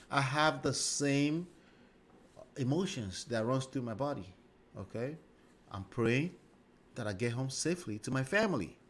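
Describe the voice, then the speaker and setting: A man's voice: medium pitch, a little hiss or hum. A man hosting a livestream and commenting on a clip, speaking emphatically and checking in with "okay?" and "right?". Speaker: livestream host.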